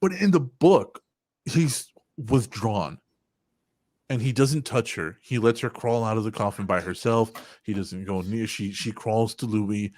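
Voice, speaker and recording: Man in his forties, low voice, dry close sound, rambling casual host, lots of swearing. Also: measured pace, a little mellow, dry recording. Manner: rambling, swears a lot, laughs often. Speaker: podcast host. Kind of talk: casual chat.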